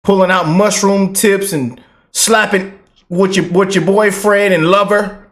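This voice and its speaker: A man hosting a reaction channel, talking casually and excitedly to his viewers in fast bursts. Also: sits high. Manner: excited, animated, talks fast in bursts, drawls slow commands. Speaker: commentary channel host.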